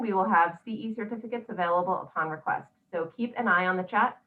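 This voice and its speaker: A woman hosting a webinar, going through housekeeping notes in an orderly, procedural way. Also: lowish voice. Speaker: webinar host. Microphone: video call. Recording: tinny distant video call audio.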